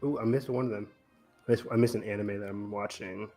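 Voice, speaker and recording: A man's voice: lowish voice, steady tone, brisk, darkish tone, soft background music. A man co-hosting a podcast in casual chat, rambling enthusiastically and loosely, with plenty of fillers. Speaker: podcast co-host.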